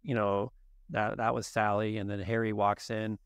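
A man's voice: fairly low pitch, flat delivery, normal speed, clear, resonant tone, no echo. A man as a guest expert on a podcast interview, explaining in detail and acting out exchanges with patients. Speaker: guest expert on genetics and nutrition.

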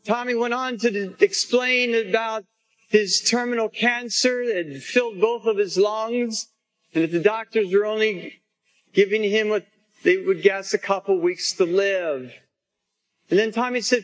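A male priest telling a story as part of a homily, gently and without hurry. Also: high voice, a little slow, rough recording.

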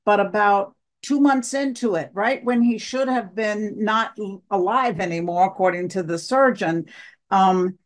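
Animated woman telling a story. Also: mid-range voice, a little slow. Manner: animated storyteller acting out quoted dialogue. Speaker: guest, wife of the other guest. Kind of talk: storytelling interview.

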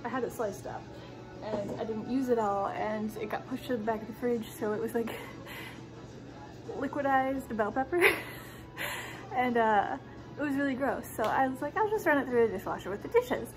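Giggly, chatty woman with a high voice. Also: expressive, moderate pace, over music, rough recording. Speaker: vlogger. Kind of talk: casual vlog chat.

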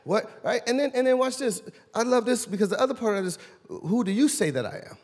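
Husky high-voiced preaching man. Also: animated, brisk. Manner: preaching, swinging from loud shouts to low quiet asides. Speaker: pastor. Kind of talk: sermon. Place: church sanctuary. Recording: long reverb in a large church hall.

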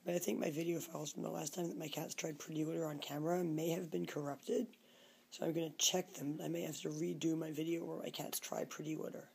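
A woman with a slightly low voice films a casual video diary in her home. She chats along easily and breaks off to talk to her cats and a child. A faint hum of noise sits underneath. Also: steady tone, fast talker, gravelly, a little mellow. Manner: chatty, talks to cats and child while filming. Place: at home, indoors.

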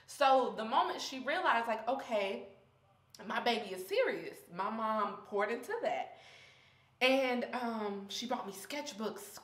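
A woman's voice: mid-range voice, a bit bright. Heartfelt young woman in echoey room. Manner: heartfelt and candid, near tears. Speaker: vlogger. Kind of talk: personal faith vlog.

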